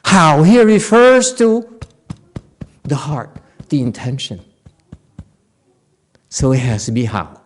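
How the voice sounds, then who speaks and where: A man's voice: on the high side, sing-song, takes it slowly, long pauses. A man with a Korean accent giving a dharma talk as a Zen master, playful, telling stories and laughing often.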